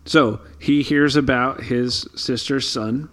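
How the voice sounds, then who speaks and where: A man's voice: mid-range voice, steady tone, slow pace, fairly bright tone. A man co-hosting a casual Bible study podcast, explaining thoughtfully with frequent ums and restarts. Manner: thoughtful, many fillers and restarts. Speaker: podcast co-host.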